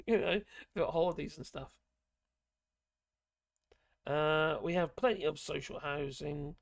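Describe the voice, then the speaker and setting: A man's voice: fairly high pitch, a little slow, vocal fry, no echo, studio quality. A man hosting a casual live stream, chatting in a rambling way and reading out chat messages while losing his voice.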